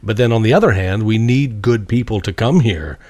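A man's voice: lowish voice, a little fast, a little mellow, no echo. A man hosting a podcast interview, chatty and opinionated, laughing often. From United States. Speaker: podcast host. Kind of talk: casual interview chat.

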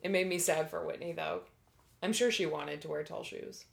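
A woman's voice: low voice, moderate pace, creaky. A woman co-hosting a casual podcast, recapping a TV episode with blunt, sarcastic critiques. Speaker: podcast co-host.

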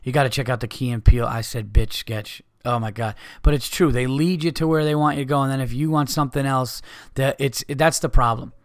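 A man's voice: mid-range voice, fairly quick, no room sound, studio quality. A man hosting a podcast, ranting with heated, profane exasperation in a casual monologue. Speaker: podcast host.

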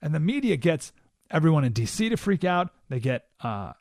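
Male radio host, slightly high voice, animated storyteller, close dry studio mic. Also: normal speed, dry recording. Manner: animated storyteller, acts out quotes with jumps in pitch. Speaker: radio talk show host. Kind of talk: monologue on talk radio.

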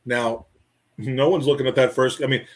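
A man co-hosts a casual football podcast in a mid-range, slightly husky voice. He rambles, restarts his sentences and doubles up words when he gets excited. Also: mid-range voice, normal speed. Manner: rambling, repeats words, animated. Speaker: podcast co-host.

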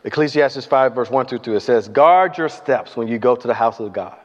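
A man's voice: medium pitch, moderate pace. Preacher man in a reverberant hall. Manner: animated storytelling, acting out voices and asking the congregation questions. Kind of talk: sermon. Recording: dull lo-fi sound with long hall reverb.

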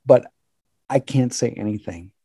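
An older man from Minnesota telling a personal story aloud in the present tense, measured and dramatic, with long pauses. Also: mid-range voice. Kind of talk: personal story told to an audience.

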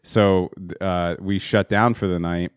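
A man's voice: sits low, fairly even intonation, takes it slowly, clear, resonant tone, no room sound, studio quality. A man hosting a podcast, telling a profane, rambling story in a casual way with lots of fillers and restarts. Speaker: podcast host.

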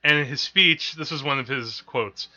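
A man's voice: mid-range voice, moderate pace, pushed and bright. A man co-hosting a film podcast, rambling and correcting himself as he goes, often laughing at his own stories, on dull lo-fi audio. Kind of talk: casual chat about films.

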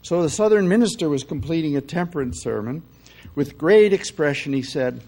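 An older male spiritual teacher lectures in a conversational way, checking in with his listeners often. His voice is gravelly and breathy and sits a little high for a man. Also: lively intonation, normal speed, dark tone, low-quality recording. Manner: conversational, often checks in with "okay?" and "you see".

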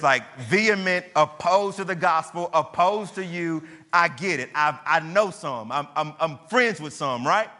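A man preaching a sermon with a bright, forceful voice that sits a little high. He hammers home his points with rhetorical questions and repetition. His voice rings out with long reverb in a large church hall. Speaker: pastor.

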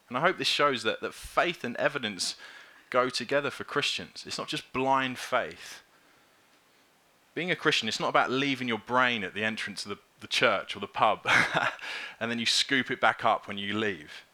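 In a medium-pitched voice, a man preaches a sermon that feels lively, informal and conversational, dramatizing little quoted voices as he goes.

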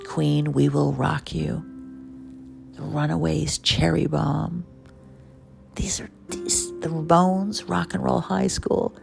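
A podcast host at home in the early morning, speaking in an excitable, jazzed-up monologue with hushed asides. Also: medium pitch, creaky. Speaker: podcast host and memoir author. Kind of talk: personal gratitude monologue.

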